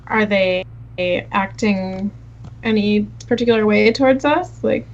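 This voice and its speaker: A woman's voice: medium pitch, measured pace, a little hiss or hum. A woman playing in a tabletop game, curious and asking many questions. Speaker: player. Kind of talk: casual tabletop game chat. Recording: muffled, dull mic.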